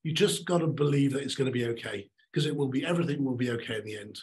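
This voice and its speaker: A middle-aged man giving a motivational talk on stage, emphatic and animated, repeating his key lines. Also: medium pitch, very fast, rough recording. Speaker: keynote speaker.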